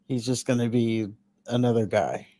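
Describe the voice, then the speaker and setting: A man's voice: medium pitch, moderate pace, mellow, dry recording. A man co-hosting a podcast in casual chat, boastful and joking with his partner. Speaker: podcast co-host.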